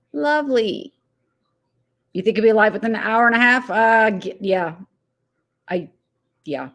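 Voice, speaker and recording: A woman's voice: medium pitch, moderate pace. A woman hosting a casual live stream, chatting loosely, laughing easily and greeting viewers one by one by name. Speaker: livestream host.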